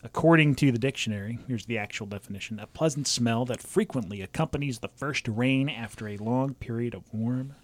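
A relaxed man on a casual podcast, unwinding a long weather story at an easy pace. He chuckles through his tale and lets his medium-pitched voice wander comfortably. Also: a little fast, few pauses. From Southern California. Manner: laid-back storyteller, chuckles often. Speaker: podcast co-host, meteorologist.

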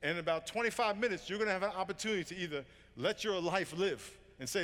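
A man in his fifties preaching to a full room with earnest, fervent storytelling. His voice sits high for a man, and the sound rings with a long hall reverb. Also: quick pace, few pauses, fairly bright tone. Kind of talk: evangelistic sermon. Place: large room with audience.

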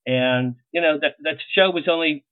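A middle-aged man, a publicist, telling lively anecdotes in an interview and acting out the lines he quotes. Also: fairly high pitch, normal speed, clear, resonant tone, dry recording. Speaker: publicist guest. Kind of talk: storytelling interview. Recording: tinny phone-like line, dry.

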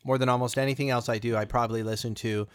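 A man's voice: medium pitch, fairly even intonation, rapid-fire, smooth, no room sound. Rambling man with a dry, close sound. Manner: rambling, many fillers and restarts. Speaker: podcast co-host. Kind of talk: casual chat.

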